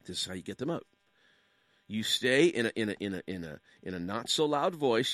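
Canadian guy, late 50s, jokey speaker, bright punchy voice, bouncy pitch, lots of "you know?". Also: a little fast, dry recording. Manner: animated, jokey, full of rhetorical questions and asides. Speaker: public speaker. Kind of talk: humorous storytelling monologue.

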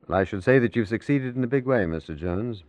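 A man's voice: on the low side, expressive, fast, darkish tone, dry recording, natural voice. A man playing Mr. Chameleon, shrewd detective. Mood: probing. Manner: polite, probing. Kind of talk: 1940s radio acting. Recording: dull old radio recording.

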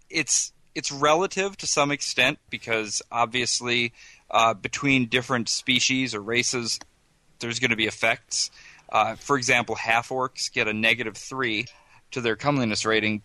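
This is a man with a bright, forward voice, talking through tabletop game rules on a podcast. The recording is close and dry with no room to it, and he keeps a chatty, amused tone. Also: medium pitch, steady tone, moderate pace, no room sound, poor audio. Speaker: podcast co-host presenting a segment. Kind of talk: casual tabletop gaming discussion.

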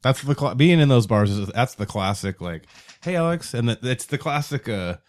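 A man's voice: mid-range voice, expressive, moderate pace. A young man chatting casually as a podcast guest, laid-back and often laughing. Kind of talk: casual chat.

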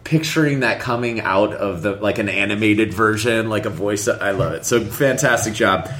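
Man co-host, low voice, loose rambly fan-podcast chat, eager. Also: normal speed, a bit bright. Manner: rambling, lots of fillers and restarts, enthusiastic. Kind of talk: casual chat.

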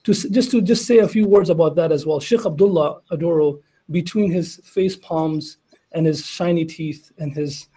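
Husky-voiced man, high and animated. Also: normal speed, rough recording. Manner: animated storyteller, acts out dialogue. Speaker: panelist. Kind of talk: casual religious discussion.

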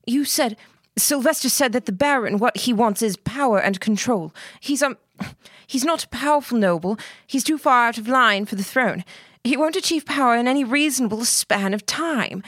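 A woman voicing a frightened young girl who stammers and rushes her words as she pleads. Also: a little high, lively intonation, fairly bright tone, dry recording, clean studio sound, voice pushed up. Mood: urgent pleading.

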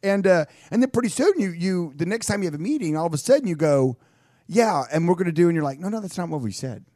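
A man's voice: sits high, animated, quick pace, a little mellow, dry recording, clean studio sound. A man co-hosting a business radio talk show in casual chat, acting out quoted lines and often restarting his sentences. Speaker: radio co-host.

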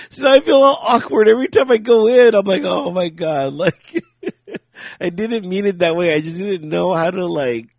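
A man's voice: high-pitched, a little slow, creaky, long pauses, no echo. Chatty man telling rambling stories. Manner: rambling storyteller, laughs often, acts out quotes. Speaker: podcast co-host. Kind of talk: casual chat.

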